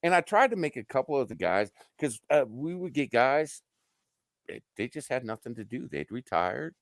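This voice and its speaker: A middle-aged livestream host tells work stories in casual chat, his mid-range voice moving at a moderate pace. He swears freely and animatedly acts out what people said. The sound is clean studio quality with no echo.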